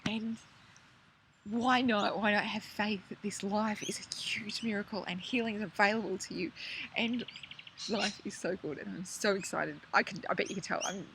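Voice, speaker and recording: A woman talking casually and warmly to camera, gushing and excitable, jumping from hushed whispers to high squeals. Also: normal speed, gravelly, background noise. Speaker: spiritual vlogger. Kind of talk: casual heartfelt monologue to camera.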